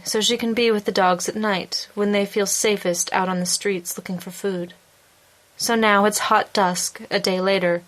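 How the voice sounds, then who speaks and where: A woman reading a short story aloud in a measured, calm storytelling manner. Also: mid-range voice. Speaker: story narrator. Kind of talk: scripted narration.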